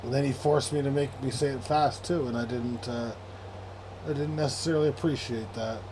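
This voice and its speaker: A man's voice: mid-range voice, steady tone, a little fast, noisy background. A young man hosting a late-night sports livestream, rambling and sarcastic, with frequent swearing as he reads chat aloud. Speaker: livestream host.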